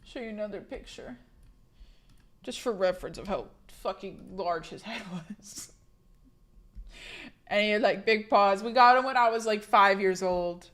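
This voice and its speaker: A woman's voice: medium pitch, unhurried, pauses often, fairly bright tone. A young woman livestreamer chatting casually to her viewers, swearing freely and restarting her sentences often. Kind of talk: casual chat to stream viewers.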